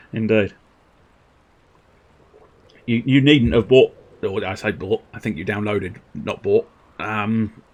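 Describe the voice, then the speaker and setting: A man giving casual, rambling commentary on a game stream, full of self-amused asides. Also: on the low side.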